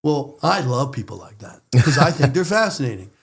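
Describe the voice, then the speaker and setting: An American man telling a story in a lively, excitable way, speaking in quick bursts. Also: medium pitch, gravelly. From United States. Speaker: storyteller guest. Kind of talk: animated storytelling.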